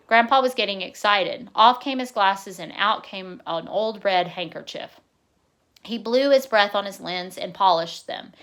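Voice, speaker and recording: A woman narrating a novel in a plain, steady reading voice, now and then correcting her own slips. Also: medium pitch, unhurried.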